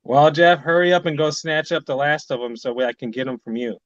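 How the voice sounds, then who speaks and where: A man chatting casually on a remote line, unhurried and trailing off with fillers. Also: on the high side, dry recording, muffled recording. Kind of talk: casual chat.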